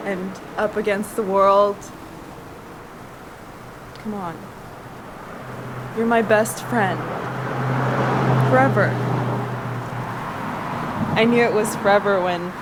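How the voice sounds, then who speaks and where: A woman's voice: medium pitch, close to an everyday voice. An acting student performing a heartfelt monologue as a young woman fondly recalling her childhood best friend. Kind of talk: rehearsed dramatic monologue. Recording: noisy background hum.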